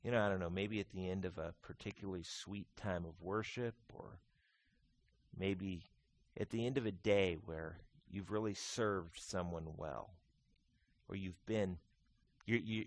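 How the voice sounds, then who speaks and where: A man preaching a sermon as pastor, swinging between quiet intimate lines and loud, emphatic, repeated declarations. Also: fairly low pitch. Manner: slow deliberate delivery with repeated phrases.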